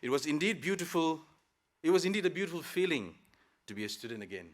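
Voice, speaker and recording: A fast-talking Malaysian man with a sing-song, somewhat high voice gives the student convocation speech. Standing before his classmates in a ceremony hall, he is reflective and lightly humorous.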